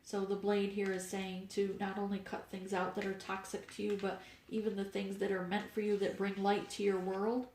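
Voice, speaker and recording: A woman's voice: mid-range voice, level tone, moderate pace, hardly any pauses, reverberant, a little hiss or hum. Stuffed-up woman giving a rambling reading. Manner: meandering, with fillers and soft laughs. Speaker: spiritual reader. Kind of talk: casual tarot reading monologue.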